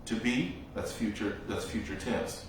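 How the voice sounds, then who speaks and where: Slow-spoken man in an echoey room. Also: lowish voice, distant mic, slight background noise. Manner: slow, reflective storytelling with long pauses. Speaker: Buddhist monk teacher. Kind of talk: dharma talk.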